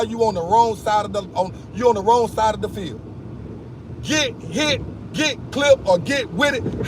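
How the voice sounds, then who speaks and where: A man live-streaming from his car, talking excitedly and emphatically to his chat in slang. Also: extremely high pitch, background noise. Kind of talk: casual live-stream rant. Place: in a car at a gas station.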